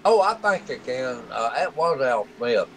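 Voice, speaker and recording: A man from Alabama with a strong deep Southern accent, commentating a sim race in a folksy, easy-laughing way. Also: very animated, a little slow, slight background noise, low-quality recording. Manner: folksy, drawling, laughs easily. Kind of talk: casual race broadcast commentary.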